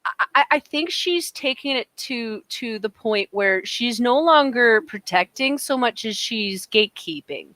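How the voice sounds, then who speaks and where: A woman's voice: a little high, expressive, unhurried, fairly bright tone, no echo. A woman co-hosting a podcast, talking in an emphatic, opinionated way with frequent restarts. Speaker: podcast co-host. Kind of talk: casual opinionated chat.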